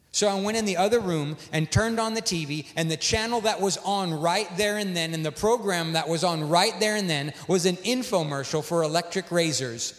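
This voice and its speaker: A male preacher delivering a sermon in an animated storytelling manner, acting out dialogue. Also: high-pitched, moderate pace, few pauses. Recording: long hall reverb.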